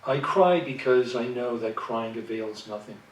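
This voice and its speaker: Grieving old man, slow and plain, voiced by a man telling a story; echoey room, distant mic. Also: medium pitch, lightly acted. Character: grieving old man weeping for his son.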